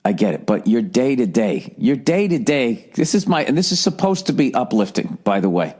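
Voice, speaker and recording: A man in his forties with a Boston accent, hosting a solo comedy podcast and ranting in a profane, sardonic, animated way. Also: mid-range voice, normal speed, husky. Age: 40s. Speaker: podcast host.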